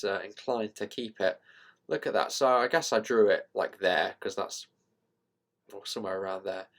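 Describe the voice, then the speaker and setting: A man with a fairly low voice talks his way through trading charts in a loose, thinking-out-loud ramble. He trails off, corrects himself and shrugs things off as he goes, a casual host at his desk mic. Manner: rambling, self-deprecating, thinking out loud with fillers. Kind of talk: casual screen-share market commentary.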